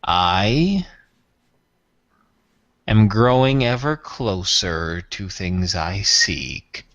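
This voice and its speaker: A man doing a slow, cold immortal being. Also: on the low side, animated, a bit bright, dry recording, pitched below the performer's own voice, full character voice. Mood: disdainful. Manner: slow, measured, disdainful with drawn-out pauses. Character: cold ancient male immortal being, aloof.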